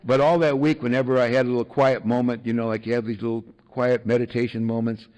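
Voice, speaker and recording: A man's voice: mid-range voice, little pitch movement, quick pace, a little mellow, low-quality recording. A man sharing his recovery story with an audience in a wry, self-mocking way, full of fillers and chuckles.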